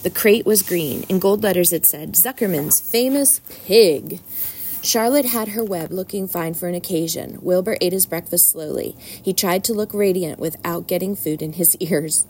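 A woman's voice: fairly low pitch, moderate pace, few pauses, a little mellow, slight background noise. Woman reading a storybook aloud.

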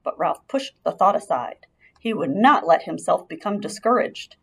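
A woman narrating a children's storybook aloud as an expressive, lively storyteller. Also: lowish voice, moderate pace, creaky, slightly rough. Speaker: audiobook reader.

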